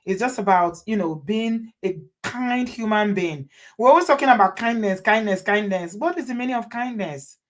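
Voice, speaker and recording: Speaking at a normal speed in a mid-range voice, a female host gives advice to viewers with emphasis, repeating phrases for effect.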